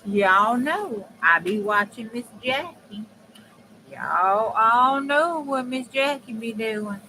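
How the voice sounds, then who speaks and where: The recording is low quality, with steady background noise, and her voice is on the high side and slow. She hosts a crafting video, talking folksy and chatty straight to viewers with dialect phrasing as she works at a home craft table.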